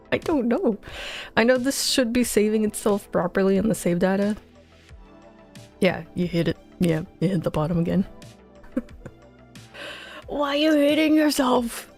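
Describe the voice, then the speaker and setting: A woman's voice: mid-range voice, steady tone, normal speed, creaky, pauses often, a little mellow, soft background music. A woman livestreaming her game coding, chatting in a scattered, self-mocking way and sounding tired, close on a headset mic. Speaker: game dev streamer. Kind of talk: casual livestream chat.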